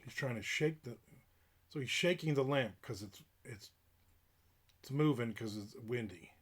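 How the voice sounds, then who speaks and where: In a casual live-stream rant, a middle-aged man complains about strangers hanging around near his home. He speaks at a measured pace in a medium-pitched, slightly rough voice.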